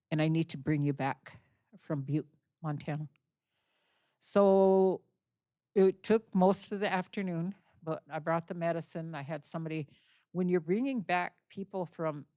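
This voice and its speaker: A woman's voice: on the low side, warm tone, dry recording, studio quality. An older woman giving a talk in an auditorium, telling a vivid story in earnest and acting out the dialogue. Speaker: guest speaker. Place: college auditorium.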